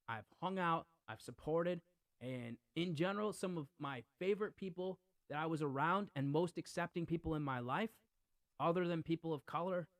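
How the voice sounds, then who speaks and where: A man's voice: fairly high pitch, no room sound. A man in casual podcast talk, rambling and emphatic, who keeps repeating himself and comes across earnest and brooding.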